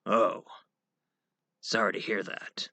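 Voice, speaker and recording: A man voicing a grim masked male vigilante who speaks low, quiet and serious in a fan-made audio drama. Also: fairly even intonation, slow, no echo, full character voice.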